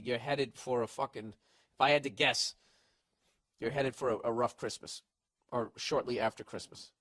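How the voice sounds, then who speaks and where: A man's voice: mid-range voice, sharp tone, dry recording. A man hosting a comedy advice podcast, ranting bluntly and profanely. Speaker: podcast host giving advice.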